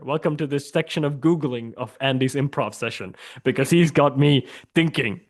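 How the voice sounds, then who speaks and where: A man's voice: mid-range voice, moderate pace, few pauses. A man chatting as a guest on a video call, teasing and laughing as he argues his point. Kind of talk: casual chat.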